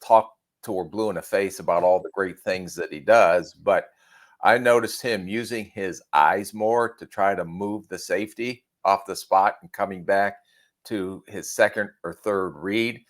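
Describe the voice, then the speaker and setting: A man co-hosting a podcast, giving measured analysis with self-deprecating humor. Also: low voice. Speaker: podcast co-host and draft analyst. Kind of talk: casual podcast chat.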